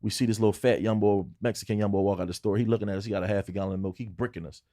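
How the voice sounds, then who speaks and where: A young man from Philadelphia, a podcast guest, telling a story in casual chat, animated and cursing freely. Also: lowish voice, racing, dry recording, studio quality. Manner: animated storyteller, acts out quotes in raised voice, swears freely. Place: podcast studio.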